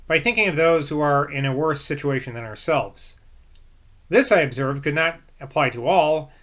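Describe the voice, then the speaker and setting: This fairly high, slightly bright male voice alternates between passages of a classic book and offhand moments of musing and self-doubt.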